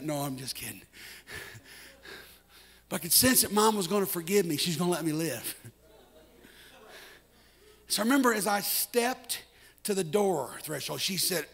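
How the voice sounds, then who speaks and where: A guest preacher in a church, delivering a sermon in a rhythmic cadence that puts a quick "uh" before each phrase and lifts into sing-song, shouted lines. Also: male voice, high-pitched, expressive, slightly rough. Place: church sanctuary.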